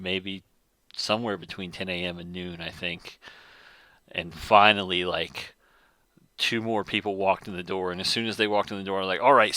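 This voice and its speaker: A man in his thirties telling work stories in a casual podcast chat, rambling and getting animated when he retells what people said. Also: deep voice, dry recording. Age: 30s. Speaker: podcast host.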